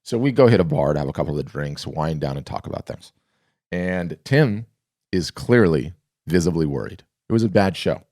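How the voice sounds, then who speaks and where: Deep-voiced rambling podcast host. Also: male voice, normal speed, no echo, clean studio sound. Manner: rambling, with frequent restarts; animated storyteller. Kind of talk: casual solo podcast talk.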